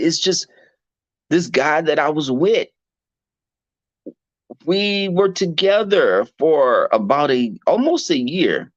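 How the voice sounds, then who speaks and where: Gravelly-voiced man telling a blunt story. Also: medium pitch, dry recording, dull audio. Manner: blunt, animated, profane. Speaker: podcast host. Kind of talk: candid casual storytelling.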